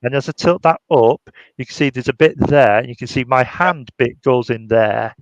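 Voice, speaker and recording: A man's voice: mid-range voice, normal speed, no echo, lo-fi sound. A man, chatting casually and jokingly as a guest while he shows his handmade puppet. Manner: chatty, jokey, demonstrating by hand. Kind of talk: casual chat on a live stream.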